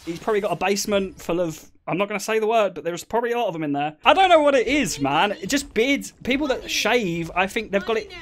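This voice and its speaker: A young man streaming live, chatting casually and excitably with his viewers and laughing often. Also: high voice, quick pace, hardly any pauses. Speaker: livestreamer.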